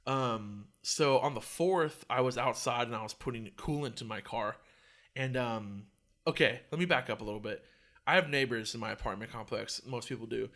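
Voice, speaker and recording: A young man hosting a podcast, telling a story in a casual, profane, animated way. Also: medium pitch, normal speed. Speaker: podcast host.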